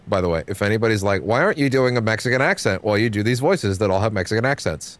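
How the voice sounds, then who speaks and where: A man's voice: fairly low pitch, expressive, fast talker, hardly any pauses. A young man giving casual, rambling commentary while streaming a game, swearing offhandedly.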